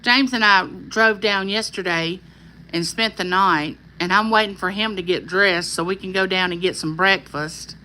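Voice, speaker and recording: A woman's voice: medium pitch, normal speed, pushed and bright, a little hiss or hum, low-quality recording. A woman with a Southern accent hosting a casual live stream, chatting and reading viewer comments aloud in a friendly, folksy drawl. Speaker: YouTube host on a live stream.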